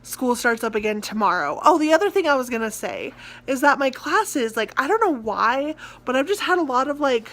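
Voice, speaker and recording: A young American woman talks straight to the camera about her week in a loose, rambling way, packed with filler words and little rants. Her voice sits a touch high for a woman. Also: big pitch swings, moderate pace, a bit bright. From United States. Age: young adult. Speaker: college theatre student vlogger. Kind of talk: casual vlog chat.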